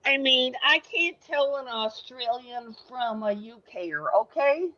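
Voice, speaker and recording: A woman from Michigan rambles through a casual chat with jokes and the odd swear. Her voice sits fairly high. The sound is muffled and lo-fi. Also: animated, unhurried, bright, forceful tone. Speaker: panelist. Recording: muffled lo-fi audio.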